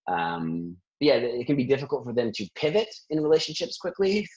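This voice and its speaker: A man working as a therapist, talking in a lively conversational interview and laughing often between thoughts. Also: medium pitch, brisk, husky, lo-fi sound.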